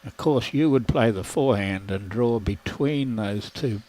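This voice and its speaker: A man's voice: fairly low pitch, measured pace, a little mellow, poor audio. An older Australian man commentating lawn bowls live, with dry, jokey banter.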